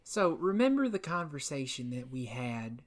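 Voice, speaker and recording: A man's voice: mid-range voice, very animated, moderate pace. A man plays a tabletop role-playing game and quizzes another character. His voice sits in a middle range, and his manner is curious and joking. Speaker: player. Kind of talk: casual tabletop role-play.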